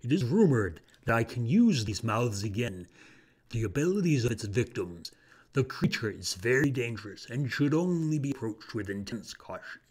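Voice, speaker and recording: A man doing a husky grim old chronicler. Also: medium pitch, big pitch swings, a little mellow, voice pushed down. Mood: pleading. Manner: solemn, measured storytelling. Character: grim old male chronicler reading a victim's note.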